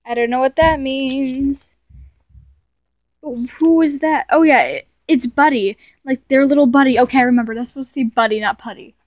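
Young woman creator, chatty and self-deprecating, trips over words; fairly high voice, dry. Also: fairly even intonation, normal speed, dry recording. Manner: rambling and self-mocking, stumbles and corrects herself. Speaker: video creator. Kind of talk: casual commentary reading her childhood stories aloud.

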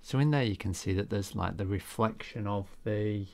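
A man's voice: on the low side, normal speed, gravelly. A man, chatty and self-deprecating, talking viewers through a painting demonstration as he works. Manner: chatty, self-deprecating, thinks aloud while working. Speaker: art teacher.

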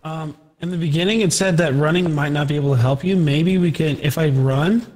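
A man's voice: fairly high pitch, brisk, a little mellow, big-room sound. A man playing a ghost game with friends, chatting nervously and rambling. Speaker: co-player. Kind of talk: casual gaming chat.

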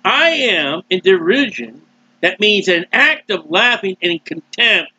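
A man preaching a sermon loudly and emphatically, with mocking asides and sudden swings in his voice. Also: sits high, lively intonation, slow pace, slightly rough, no echo, muffled recording. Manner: mocking asides and short laughs. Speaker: street preacher.

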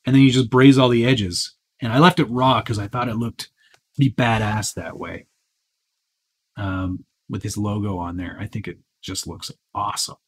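A man's voice: on the low side, moderate pace, breathy edge. Casual man hosting a live Q&A. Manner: relaxed and chatty, answering viewer questions, with frequent fillers. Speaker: host of a live Q&A stream. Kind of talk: casual live-stream chat.

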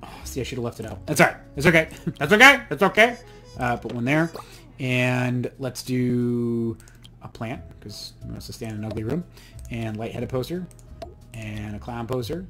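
A man's voice: medium pitch, moderate pace, fairly bright tone, soft background music. A young adult man rambling and joking with himself while he plays a game. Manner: rambling, chatty, self-mocking asides. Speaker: let's play host. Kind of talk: casual gameplay commentary.

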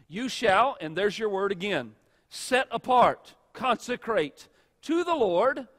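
A man with a high voice preaches in a church sanctuary, leaning hard on key words and letting his delivery swing from loud to hushed. The hall adds a long reverb tail to every phrase. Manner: emphatic preaching with dramatic pauses and shifts in loudness. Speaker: pastor. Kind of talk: sermon.

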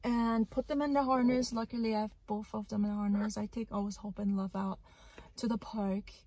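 A young woman retells a frightening incident outdoors in a park in a casual vlog. She sounds shaken and emotional and breaks into loud outbursts. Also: medium pitch, little pitch movement, a little fast. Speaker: parrot vlogger.

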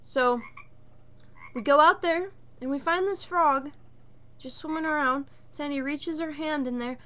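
In her bedroom, a woman vlogger rants to the camera about something that exasperated her, cursing often as she tells the story. Her voice is high and her delivery unhurried but animated.

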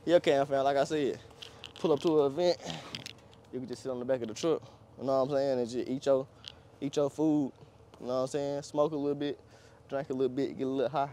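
A man's voice: mid-range voice, fairly even intonation, a little fast, long pauses, mellow, slight background noise. A young man, chatting casually and laughing as he shows off a pickup truck outdoors. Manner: slangy, rambling, laughs often. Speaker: car vlogger. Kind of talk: casual vlog walkaround.

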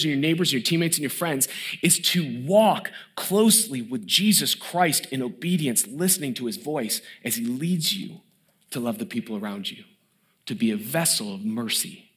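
The speaker is a man in his thirties giving a sermon as a pastor. He grows more emphatic as he goes, yet hushes his voice low for the key words.

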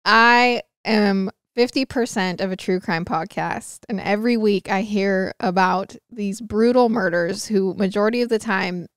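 A young woman co-hosting a podcast, cutting in with quick, teasing remarks. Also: mid-range voice, smooth, no room sound, clean studio sound. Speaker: podcast co-host. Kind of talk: casual chat.

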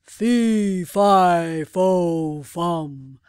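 A woman voicing a huge man-eating male giant who bellows a slow chant, storybook style. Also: on the low side, darkish tone, smooth, dry recording, studio quality. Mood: bellowing.

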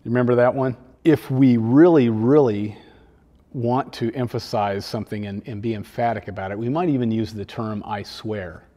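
A man, a children's pastor, preaching a sermon in a conversational, gently humorous way. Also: medium pitch, steady tone, moderate pace, long reverb tail.

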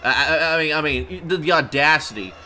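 A man giving an indignant live reaction to a match, stammering through restarts and bursting into shouts. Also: a little high, expressive, brisk, a little hiss or hum. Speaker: vlogger reacting to a wrestling match. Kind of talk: heated live reaction commentary.

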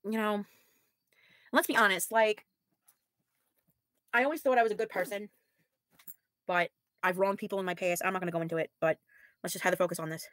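A woman's voice: medium pitch, a little fast, long pauses, fairly bright tone, dry recording, studio quality. A woman in her thirties streaming live, sounding tired and weary, talking frankly with sighs while reading out viewer comments in casual chat. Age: 30s. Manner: frank, blunt, sighing, with mild swearing. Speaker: livestreamer.

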